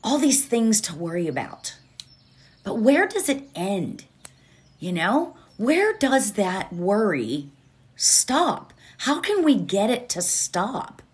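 A woman speaks slowly and unhurriedly, giving a reflective motivational talk from home. She leans on repeated phrases and rhetorical questions in a gentle, mid-pitched voice. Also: big pitch swings. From United States. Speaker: mindfulness speaker.

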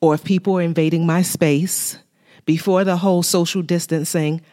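A woman's voice: on the low side, steady tone, normal speed, dark tone. A woman co-hosting a faith talk show with her husband, speaking candidly and with humor about marriage.

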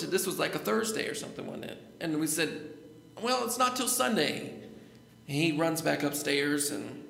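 A man's voice: high voice, creaky, bright, forceful tone. A middle-aged man, a pastor preaching a sermon in church, repeating his phrases and calling for amens. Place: church sanctuary. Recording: echoey church hall.

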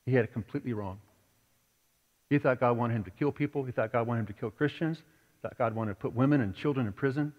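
A man's voice: medium pitch, fast. A man preaching a sermon to his congregation, earnest and conversational, building to emphatic points. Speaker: pastor. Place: church sanctuary. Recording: dull recording with long hall reverb.

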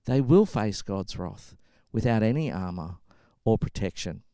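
A middle-aged man gives a sermon in an easy, conversational way. He tells stories and acts out the quotes. His voice is smooth and resonant, and the recording is dry and close. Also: lowish voice, a little slow, dry recording. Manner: conversational, animated storytelling with acted-out quotes. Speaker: pastor.

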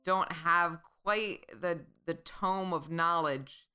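A playful woman appearing as a guest in podcast chat, with a voice that is low for a woman yet bright. She is self-deprecating and joins in the banter easily. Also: slow, clean tone.

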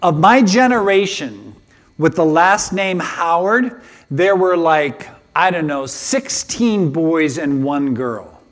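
An older man preaching a sermon, emotional and animated, often repeating himself as he builds his points. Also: a little high, slow. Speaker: pastor.

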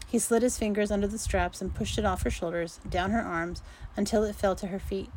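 A woman narrating a romance story in an unhurried amateur reading, going back to redo fumbled sentences. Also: medium pitch, steady tone, darkish tone, slight background noise, low-quality recording.

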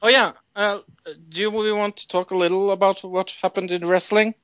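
Guy hosting a chatty podcast, stumbles over words a lot, bright voice. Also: high-pitched, level tone, moderate pace, smooth, no room sound, highs cut off. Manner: stammering, laughs often. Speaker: podcast host. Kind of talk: casual chat.

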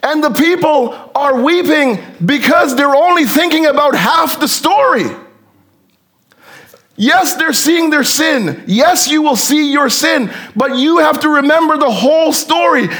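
High-voiced fervent male preacher. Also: expressive, takes it slowly. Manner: fervent, rhetorical questions, swings from hushed to shouting. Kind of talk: sermon.

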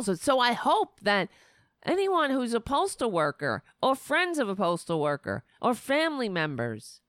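A woman's voice: sits high, a bit bright, dry recording, studio quality. A woman hosting a political commentary show, delivering an indignant, sarcastic monologue. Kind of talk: opinionated monologue.

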